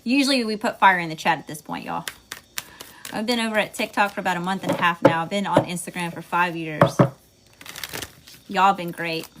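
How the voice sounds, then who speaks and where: A woman with a fairly low voice speaks fairly quickly with long pauses, a noisy background behind her. She's a Southern US tarot reader giving a casual, chatty reading, swearing freely, saying y'all a lot and laughing at herself.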